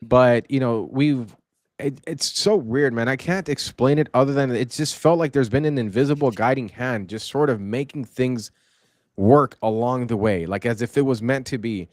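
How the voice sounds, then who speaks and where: A male podcast host rambles through a casual chat, circling back and restarting his sentences. His voice sits at an ordinary middle pitch. The sound is close and dry. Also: moderate pace, no echo. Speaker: podcast host and event organizer.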